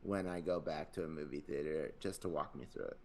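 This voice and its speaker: Man, podcast co-host, very deep voice, rambling, filler-heavy, casual chat. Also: fairly even intonation, brisk, darkish tone, slight background noise.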